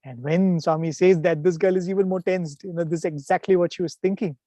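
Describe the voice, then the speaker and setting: Warm man telling devotional stories. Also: high voice, fast, dry recording. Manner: animated storyteller, asks "right?" to the audience. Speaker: guest speaker. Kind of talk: devotional storytelling talk.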